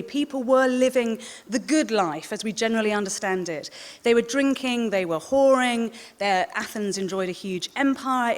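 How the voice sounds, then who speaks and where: Animated woman speaking in a hall. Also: fairly high pitch. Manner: lively storyteller, chatty asides. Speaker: historian and author giving a talk. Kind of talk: live public talk. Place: hall with live audience. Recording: long reverb of a large hall.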